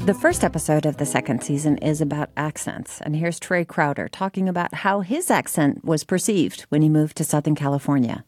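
A woman radio host reading scripted links in a smooth, polished way. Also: sits low, fairly quick, hardly any pauses, darkish tone, faint music behind.

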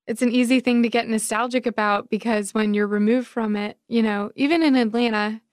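A woman's voice: medium pitch, smooth, no room sound, clean studio sound. A woman writer from Georgia, a guest on a podcast, talking cheerfully and laughing often. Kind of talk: conversational interview.

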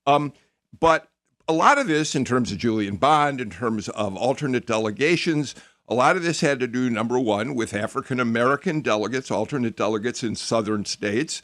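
A man's voice: medium pitch, a bit bright, no room sound. Male radio host, dry close sound. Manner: conversational, halting with restarts. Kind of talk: interview.

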